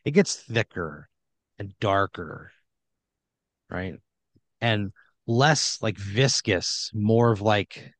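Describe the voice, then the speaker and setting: A man's voice: fairly low pitch, expressive, very slow, long pauses, a bit bright, dry recording. A man improvising a comedic horror story in a loose, rambling way full of fillers.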